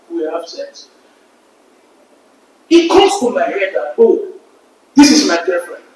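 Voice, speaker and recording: A man's voice: high-pitched, a little hiss or hum. A man on a podcast panel, arguing emphatically and telling stories with repeated words. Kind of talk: casual debate. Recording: very echoey room.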